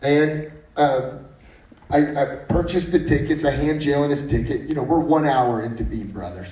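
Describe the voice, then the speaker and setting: At a normal speed, this man in his thirties speaks in a fairly high, a little mellow voice as a guest speaker at a breakfast meeting. His faith-based speech leans on funny anecdotes with many restarted sentences, captured with a roomy, distant sound.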